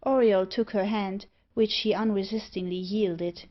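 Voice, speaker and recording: A woman reads a gothic novel aloud in a measured, expressive way, her voice sitting at a middle pitch. The recording is somewhat dull and lo-fi. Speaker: audiobook narrator. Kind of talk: scripted narration. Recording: dull lo-fi audio.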